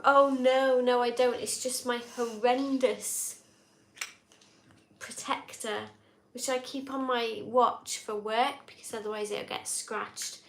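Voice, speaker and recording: Woman co-host, fairly high voice, rambling casual stream chat, roomy echo. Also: fairly even intonation, slow, slight background noise. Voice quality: chatty, rambling, laughs easily. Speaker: co-host of a live drinking stream. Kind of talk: casual live-stream chat reading viewer comments. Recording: echoey room.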